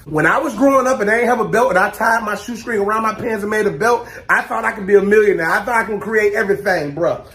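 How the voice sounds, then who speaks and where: Male comic, high voice, loud animated rants, slangy drawl. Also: quick pace, hardly any pauses. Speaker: comedy creator. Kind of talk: comedic monologue.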